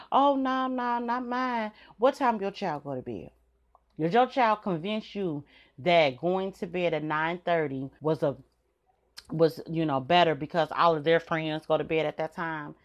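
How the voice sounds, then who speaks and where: In dull audio, a middle-aged podcast host with a medium-pitched voice delivers a candid storytelling monologue. She's blunt, swears freely, and laughs between points.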